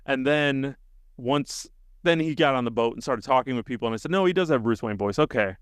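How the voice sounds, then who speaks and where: A man co-hosting a podcast, telling stories with excited enthusiasm in casual chat. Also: medium pitch, a little fast, clear, resonant tone, no echo. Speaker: podcast co-host.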